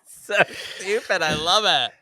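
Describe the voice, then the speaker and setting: Giggly, lively man on a podcast. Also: high-pitched, a little slow, dry recording. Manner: laughs often, animated and giggly. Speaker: podcast co-host. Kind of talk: casual chat.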